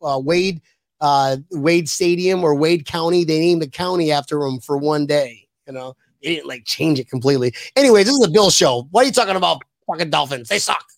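A man co-hosting a casual sports podcast, rambling and excitable, swearing now and then. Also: a little high, a little fast, vocal fry, dry recording. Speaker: podcast co-host.

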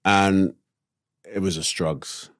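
A man with a London English accent, a guest telling relaxed anecdotes in an interview with slangy asides. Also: low voice, takes it slowly, no echo, clean studio sound. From England. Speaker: actor guest. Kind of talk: casual interview storytelling.

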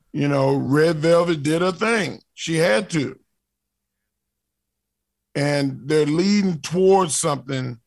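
A man's voice: fairly high pitch, gravelly, no echo, studio quality. A man hosting a casual wrestling talk show, announcing his picks with dramatic flourish. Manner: dramatic, declaring winners with flourish. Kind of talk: casual podcast chat.

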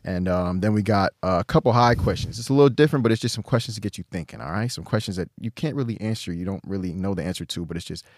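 Fast-talking American podcast host. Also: male voice, deep voice, no room sound, studio quality. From United States. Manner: energetic, hyped, slangy, repeats words. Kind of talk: casual podcast chat.

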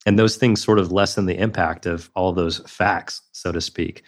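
A man's voice: low voice, steady tone, moderate pace. A man guest on a podcast interview, telling a personal story in an earnest, reflective way. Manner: earnest, reflective, with frequent restarts. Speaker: guest, magician and speaker.

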